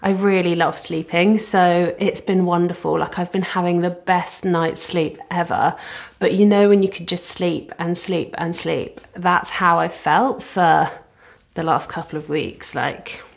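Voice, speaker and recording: Chatty woman, low voice. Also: fairly even intonation, moderate pace. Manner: chatty, rambling, self-deprecating. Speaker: vlogger. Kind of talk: casual chat to camera. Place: living room at the front of a house. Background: traffic outside.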